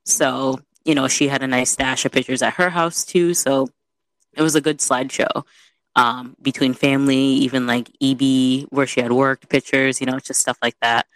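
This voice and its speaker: A young adult woman telling a story in casual chat, animated and chatty, full of "you know". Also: a bass voice, normal speed, no room sound.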